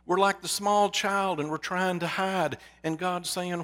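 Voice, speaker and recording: A man's voice: sits high, fairly even intonation, a little slow. A man preaching a sermon in an earnest, storytelling manner. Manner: earnest, telling a story with hushed quoted whispers.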